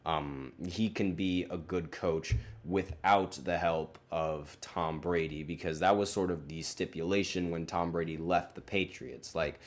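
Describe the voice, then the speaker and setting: A man's voice: sits low, fairly even intonation, measured pace, few pauses. A man hosting a sports podcast, talking casually and rambling, with many fillers and self-corrections. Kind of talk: casual solo sports commentary.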